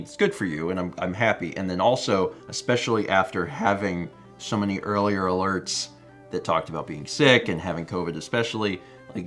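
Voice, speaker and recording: Low-voiced animated male streamer. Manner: animated, playful, puts on silly voices when quoting. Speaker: co-host of a live stream show. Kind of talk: casual stream chat, reading viewer messages.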